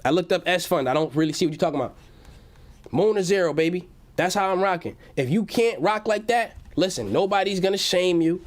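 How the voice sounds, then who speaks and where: A man's voice: sits high, lively intonation, fairly quick. Hyped young man hosting a livestream. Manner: hyped, slangy, reads chat messages aloud. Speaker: livestream host. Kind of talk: casual livestream chat. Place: at home.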